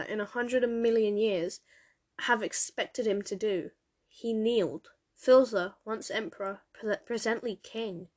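A woman narrating a story aloud at a middle pitch. Her reading is steady and measured, in the manner of an audiobook. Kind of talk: audiobook reading of fan fiction.

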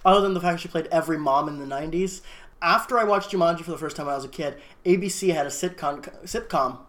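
A man's voice: on the high side, fast, a bit bright. A man in casual chat recapping a movie, joking and hamming up quotes in silly voices.

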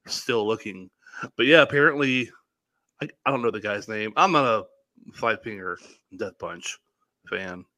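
A man's voice: on the low side, normal speed, sharp tone, no echo. A man co-hosting a casual podcast, easygoing and chatty. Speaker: podcast co-host. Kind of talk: casual chat.

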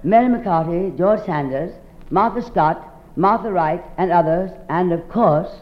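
Husky theatrical woman radio host. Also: fairly low pitch, a little slow, long reverb tail. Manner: theatrical, drawling, calls everyone darling. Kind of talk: 1950s radio variety show sign-off. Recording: dull lo-fi 1950s radio broadcast. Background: faint orchestra music.

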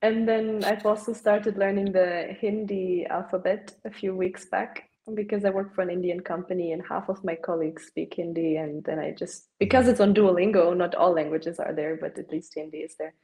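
Her voice is lowish and dark with fairly even intonation, and she talks at a normal speed with hardly any pauses over poor audio. A young native German speaker, she's a chatty podcast guest whose casual talk is full of "like."

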